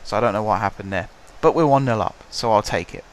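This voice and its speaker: A young man with a hoarse voice, chatting casually and calling the action play by play as he commentates his own football management game at home. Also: fairly low pitch, quick pace, slight background noise. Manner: chatty, wry, calls the match play by play. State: hoarse from shouting. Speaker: gaming channel host.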